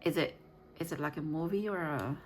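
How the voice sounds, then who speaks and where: A woman giving a casual tarot reading to viewers. She thinks out loud, restarts and corrects herself often, and laughs softly now and then. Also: low-pitched, a little fast, slight background noise, rough recording. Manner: frequent soft laughter. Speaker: tarot reader.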